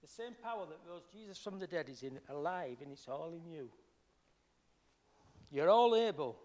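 A man with a Yorkshire accent, a healing minister giving an earnest personal testimony, shifting between soft and emphatic. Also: fairly high pitch, lively intonation, fairly quick, in a large hall.

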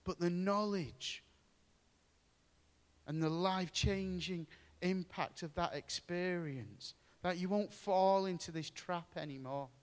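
A man preaching a sermon, earnest and deliberate, mixing Bible reading with storytelling. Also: sits high, in a large hall. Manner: earnest, slow and pausing, with storytelling asides.

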